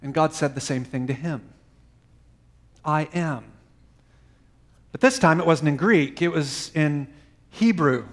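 A man preaching a sermon, swinging from emphatic lines to soft, quiet phrases. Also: on the high side, takes it slowly, long pauses. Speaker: pastor.

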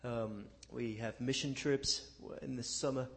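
A man's voice: mid-range voice, fairly even intonation, a little slow, creaky, a bit bright. A man on a church panel, plainly explaining a ministry's work with frequent fillers. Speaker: ministry representative.

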